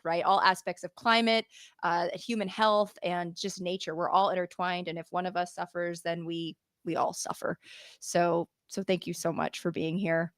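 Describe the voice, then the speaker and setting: A woman's voice: fairly low pitch, no echo, studio quality. Chatty woman podcast host. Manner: chatty, with frequent restarts and laughs. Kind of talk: casual interview chat.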